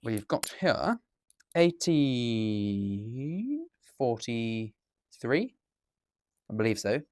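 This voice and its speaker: A man's voice: medium pitch, big pitch swings, drawn-out words, a little mellow, no echo, clean studio sound. An English man chatting through a coin unboxing as a dealer, rambling and correcting himself as he goes. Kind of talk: casual unboxing commentary. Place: indoors at a table.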